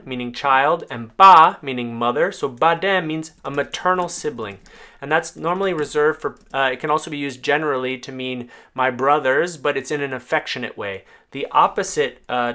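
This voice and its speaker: A man of average pitch teaching a language lesson as he walks through song lyrics line by line. He speaks clearly and patiently and keeps checking in with a quick "right?". The delivery sounds like a friendly online tutorial. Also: sharp tone.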